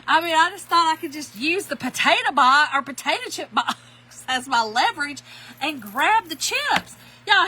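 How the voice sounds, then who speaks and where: A woman's voice: fairly high pitch, pushed and bright, slight background noise, poor audio. A middle-aged woman, chatting folksily to viewers while demonstrating a craft and telling a funny story. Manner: folksy, giggly, addresses viewers as y'all. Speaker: craft tutorial host.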